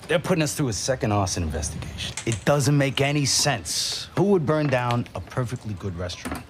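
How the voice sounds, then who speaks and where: A man's voice: mid-range voice, big pitch swings, a little fast, a little hiss or hum, lightly acted. An actor playing an aggrieved young man in a TV drama who complains with biting sarcasm. His voice rises and falls a lot, and faint clicks sit under it. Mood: indignant. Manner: indignant, sarcastic.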